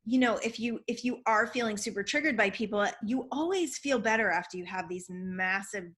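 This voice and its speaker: A woman's voice: medium pitch, fairly quick, fairly bright tone. A woman co-hosting a casual chat, enthusiastic and affirming, talking about releasing energy. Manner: enthusiastic, affirming, spiritual talk. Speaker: co-host.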